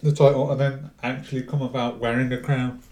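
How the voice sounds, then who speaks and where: A man's voice: mid-range voice, level tone, brisk, a little mellow. A man from Britain co-hosting a casual wrestling podcast, throwing in dry, teasing wisecracks. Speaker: podcast co-host.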